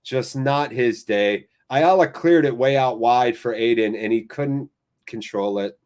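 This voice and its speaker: An American man hosting a live fan watchalong, calling the play and chatting with viewers in an excitable, chatty way. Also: medium pitch, unhurried. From United States.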